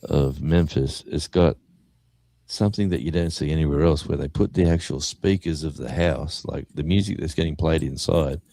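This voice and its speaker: A man's voice: extremely low pitch, normal speed, creaky, dry recording. An Australian man, a guest musician, telling a story in casual chat and acting out what people said. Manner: animated storyteller acting out quotes.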